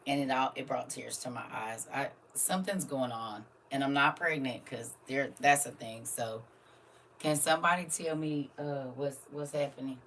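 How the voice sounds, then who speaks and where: Middle-aged woman, live-stream chat, bright tense tone, animated, talks straight to viewers, laughs often. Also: a bass voice, moderate pace, slight background noise. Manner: animated and emotional, swinging between quiet musing and loud exclamations; chatty, laughs often, addresses viewers directly. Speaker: livestream host.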